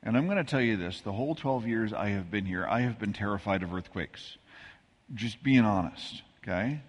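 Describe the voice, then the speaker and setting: A man with a slightly husky voice preaches in a relaxed, conversational way, tossing in asides and jokes at his own expense. He is from the American Midwest. His voice rings out through a church with a long, lingering reverb. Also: fairly low pitch, normal speed. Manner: conversational, self-deprecating storytelling with asides. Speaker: pastor. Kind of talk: sermon. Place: church sanctuary.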